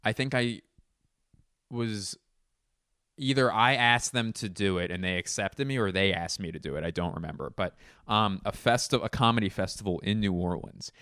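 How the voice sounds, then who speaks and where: A man's voice: on the low side, normal speed, sharp tone, smooth, no room sound, studio quality. A man in his thirties hosting a podcast, telling stories in a rambling, profane, jokey way. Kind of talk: casual comedic monologue.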